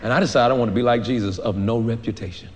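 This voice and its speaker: A man pastor preaching a sermon, animated, acting out little dialogues and laughing often. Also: medium pitch, rapid-fire, slight background noise.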